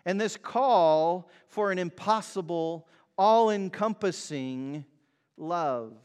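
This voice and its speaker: Slow-preaching man in an echoing hall. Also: sits high, smooth. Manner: emphatic preaching, swings from loud to soft. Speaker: pastor. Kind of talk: sermon. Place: church hall. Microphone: mic over speakers. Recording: long reverb of a hall.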